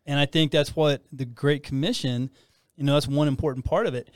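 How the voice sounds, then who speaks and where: A man's voice: a little high, steady tone, fairly quick, no echo, studio quality. A man hosting a casual Christian talk show, who rambles and restarts his sentences often. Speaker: host.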